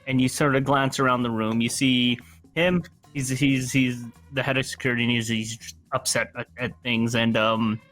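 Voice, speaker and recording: A man narrating a tabletop game as game master, halting and full of restarts. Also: medium pitch, fairly even intonation, a bit bright, soft background music.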